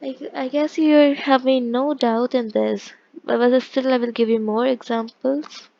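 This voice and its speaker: Higher-voiced woman teaching a language lesson. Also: steady tone, a little slow, creaky, mellow, dry recording, lo-fi sound. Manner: explains patiently, with frequent restarts and check-ins. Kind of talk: casual online lesson explaining pronunciation.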